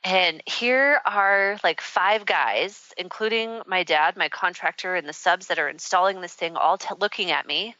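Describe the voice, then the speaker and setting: A woman's voice: fairly low pitch, a little slow, hardly any pauses, pushed and bright, dry recording. A woman hosting a radio talk show, telling a personal story in a rambling, candid way with many fillers. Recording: dull, muffled radio audio.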